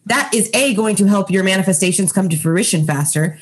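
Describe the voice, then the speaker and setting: A woman's voice: medium pitch, fairly quick. A woman in her thirties, a mother and co-host, giving advice in casual chat and laughing often. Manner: warm-hearted, advising, laughs often.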